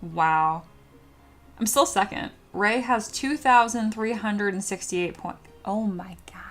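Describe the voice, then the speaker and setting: A woman's voice: medium pitch, takes it slowly, soft background music. A young woman streamer chatting casually with her viewers, swearing and playing up dramatic mock outrage. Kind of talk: casual live-stream chat.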